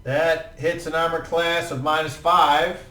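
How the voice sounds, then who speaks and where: A man's voice: a little high, little pitch movement, unhurried, pushed and bright, slight background noise. A man running a tabletop game as game master, narrating attacks in a laid-back, profane, vivid way. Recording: roomy, distant mic with faint ambience.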